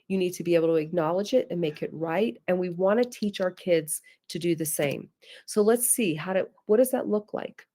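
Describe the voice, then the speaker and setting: A middle-aged woman giving an earnest, faith-based parenting talk, who calls her listeners "guys" and acts out gentle apologies a parent might say to a child. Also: medium pitch. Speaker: parenting webinar presenter.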